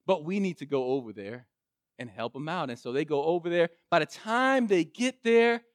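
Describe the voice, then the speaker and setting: A male preacher with a high voice tells a scripture story in an animated way, his pitch swinging widely. The sound is dry and close, with no room echo. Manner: animated retelling, frequent restarts. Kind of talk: sermon storytelling.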